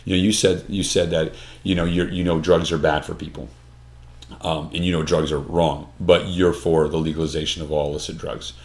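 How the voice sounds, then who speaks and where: A man's voice: very deep voice, level tone, fairly quick. A man in casual discussion, earnest and emphatic, often restarting his sentences with repeated words. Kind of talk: conversational discussion.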